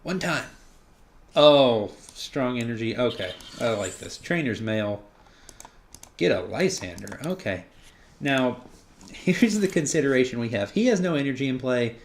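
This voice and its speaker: A man casually commenting on his own card game match, thinking out loud as he plays. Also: medium pitch, animated, a little slow. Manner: chatty, thinks out loud with frequent "uh" and "okay".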